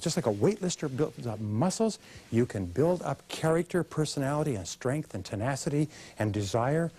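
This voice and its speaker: In a husky, mellow, medium-pitched voice, a motivational speaker gives an emphatic seminar talk. He throws out rhetorical questions and leads the audience in repeating his lines.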